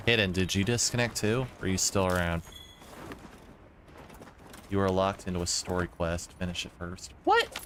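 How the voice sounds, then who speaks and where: Low-voiced rambling male game streamer. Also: little pitch movement, normal speed, pauses often, fairly bright tone, a little hiss or hum. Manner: rambling, chatty, many fillers. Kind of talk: casual chat while livestreaming a game. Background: game music.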